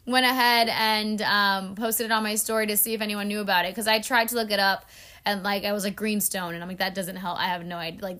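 A young woman co-hosting a casual chat podcast, retelling a story in a chatty way, full of "like". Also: mid-range voice. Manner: chatty, heavy use of "like", animated retelling. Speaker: podcast co-host.

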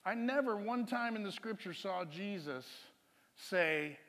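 A man's voice: high-pitched, lively intonation, unhurried, a bit bright, long reverb tail. A man preaching, telling a personal testimony story in a rambling, chuckling way with many restarts.

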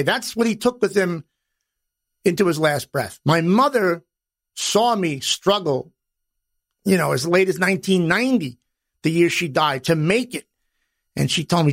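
A middle-aged man hosts a podcast in a blunt, profane wise-guy manner. His voice sits high for a man and has a gravelly rasp. The sound is dry and close to the mic. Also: moderate pace, dry recording. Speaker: podcast host. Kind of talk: personal podcast monologue.

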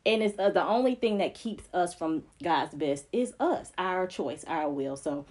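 A woman's voice: on the low side, animated, unhurried, a little mellow. A woman co-hosting a faith podcast, speaking earnestly and emphatically, with repeated phrases that build like preaching. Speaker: podcast co-host.

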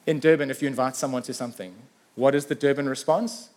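A man preaching a sermon, animated and rising to emphatic peaks, voicing biblical figures' challenges in a raised, slowed voice. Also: medium pitch. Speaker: pastor.

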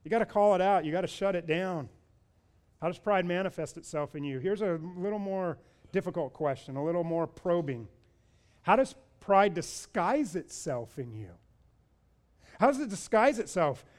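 A man preaching a sermon as pastor, pressing his listeners with rhetorical questions and building to loud, repeated appeals. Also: high-pitched, lively intonation, moderate pace.

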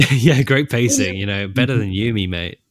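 Laughing, animated male podcast co-host. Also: lowish voice, moderate pace, no room sound. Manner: animated, laughs often, acts out characters' lines. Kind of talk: casual podcast chat.

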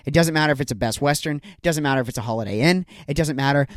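A man's voice: a little high, very fast, dry recording. Ranting young man, dry close sound. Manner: exasperated, ranting, jokey asides. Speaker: podcast host. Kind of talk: solo comedic podcast rant. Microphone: home recording setup.

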